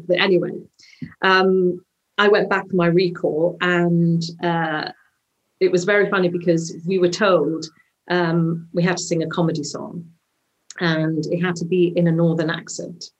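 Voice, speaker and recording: A woman's voice: fairly low pitch, fairly even intonation, normal speed, muffled recording. A Welsh woman, a musical theatre actress, telling a story in a chatty interview full of ums. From Wales. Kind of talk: casual interview anecdote.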